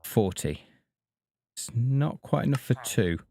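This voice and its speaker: A man streaming a game, talking casually to himself and to the characters on screen in a relaxed, chatty way. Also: medium pitch, slow, husky. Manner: chatty, talks to himself and the villagers. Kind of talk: casual gameplay commentary.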